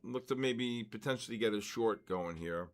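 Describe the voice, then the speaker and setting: A man's voice: lowish voice, moderate pace. An older man from the Bronx, hosting a live trading stream and chatting casually with viewers between market calls. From the Bronx, New York.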